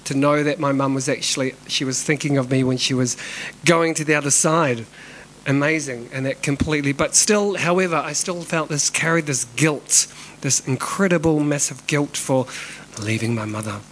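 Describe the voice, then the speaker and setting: A middle-aged man from New Zealand who runs a dance company shares a personal story with candor, swearing freely and now and then whispering. His voice is on the high side and fairly bright at a moderate pace, captured in poor audio with slight background noise.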